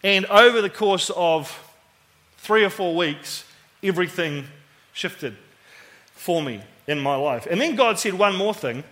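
Animated New Zealand man telling a sermon story. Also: high-pitched, measured pace. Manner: conversational, animated, acts out quoted voices.

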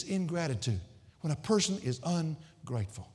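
A man preaching a sermon as pastor, swinging between loud emphatic declamation and low, conversational asides. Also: expressive, brisk, big-room sound.

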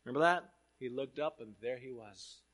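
A man preaching a sermon, reading scripture aloud and swinging between loud proclamation and hushed asides. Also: medium pitch, moderate pace.

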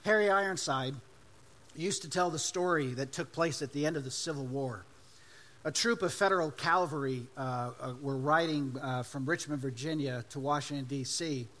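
A man preaches a sermon as pastor, emphatic and swinging between loud declarations and hushed asides. His pitch is fairly high and his pace moderate.

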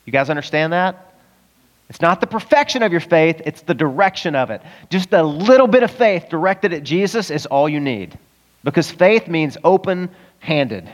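Pastor guy giving a lively sermon, bit high voice, long hall reverb. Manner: animated, acts out voices with big pitch jumps.

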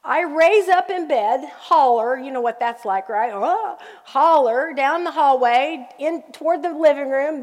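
A middle-aged woman pastor preaching a sermon, telling family stories with lively asides to the congregation. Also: high voice, a little slow, few pauses, in a large hall.

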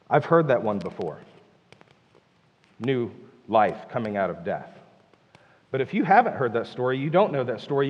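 A man's voice: medium pitch, breathy edge, long reverb tail, highs cut off. A man preaching a sermon, emphatic and full of rhetorical questions. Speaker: pastor.

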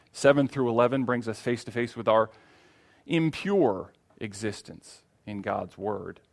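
A man preaching a sermon in a church, earnest and repeating key phrases for emphasis. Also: lowish voice.

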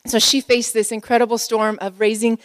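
A woman in her forties delivers a sermon in a warm, chatty way, full of fillers and stories. Her voice sits a bit high. It carries a long reverb from a big hall. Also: flat delivery, fairly quick. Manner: conversational, emotional, many fillers. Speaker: pastor's wife speaking at a conference.

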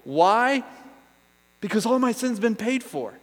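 A man preaching a sermon as pastor, earnest and emphatic, dropping to a hush for effect. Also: very high-pitched, big pitch swings, slow. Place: church sanctuary. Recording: hall reverb with mains hum.

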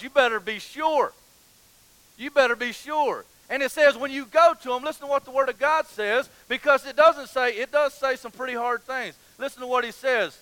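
A man's voice: extremely high pitch, brisk, sharp tone, clear, resonant tone, no echo, poor audio. A man preaching a sermon as pastor, passionate, repeating phrases and asking rhetorical questions.

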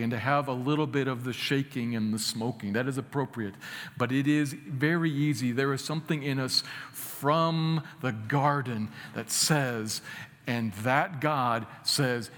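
A man preaching a sermon, earnest, swinging between loud emphatic lines and quiet asides. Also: mid-range voice. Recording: long hall reverb.

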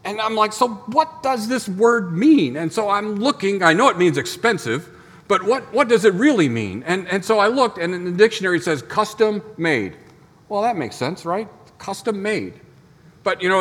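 A man's voice: high voice, in a large hall. A man preaching a sermon as pastor, in a conversational storytelling manner full of rhetorical questions. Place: church sanctuary.

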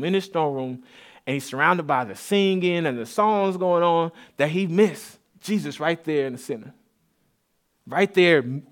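A man's voice: fairly high pitch, fairly bright tone. Man preaching conversationally in church. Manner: conversational preaching, repeats words, rising emphasis. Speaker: pastor. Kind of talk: sermon.

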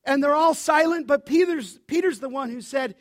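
A man preaching a sermon as pastor, animated, often asking his listeners to finish his sentences. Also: very high voice, normal speed, no room sound, clean studio sound. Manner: animated preaching, asks the congregation to fill in words.

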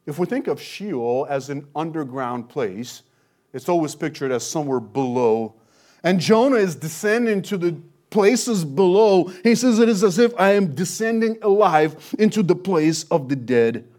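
A man preaching an expository sermon. He talks earnestly, rising loud on key points and dropping low and quiet after them. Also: lively intonation, normal speed. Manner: earnest, swells loud then drops low for emphasis. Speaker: pastor.

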